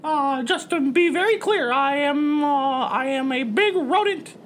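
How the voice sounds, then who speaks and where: A woman's voice: high-pitched, expressive, measured pace, a little hiss or hum, voice pushed up. A woman voicing a jittery male rat first mate in an improvised comic role-play, hesitant and giggly. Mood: nervous.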